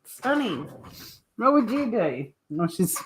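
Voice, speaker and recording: A woman's voice: mid-range voice, sing-song, slow pace, slight background noise. An Australian woman hosting a livestream, giving chatty, blunt commentary with laughing asides. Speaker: livestream host. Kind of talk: casual live commentary.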